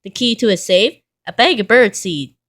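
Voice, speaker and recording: A woman's voice: mid-range voice, expressive, moderate pace, a bit bright. A woman voicing a chipper, muddled scatterbrained cartoon man in a storybook reading.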